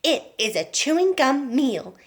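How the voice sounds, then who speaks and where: A woman voicing an eccentric, boastful male candy inventor in a storybook reading, in an excited and proud tone. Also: sits high, a little slow, voice pushed up.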